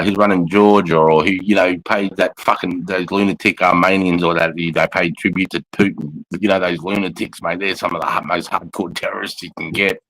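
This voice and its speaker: A man's voice: sits low, fairly bright tone, low-quality recording. An Australian man and army veteran in casual chat from his lounge room, blunt and heavily profane, calling everyone mate.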